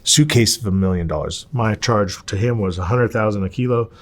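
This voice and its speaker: Low-voiced man telling a wild story. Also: a little fast. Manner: profane, animated, acts out quotes. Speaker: interviewee. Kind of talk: candid storytelling.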